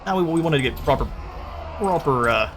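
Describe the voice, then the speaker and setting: A man's voice: on the high side, lively intonation, brisk, background noise. A man casually commentating his own strategy game session, thinking aloud with frequent fillers and restarts. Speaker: gaming channel host.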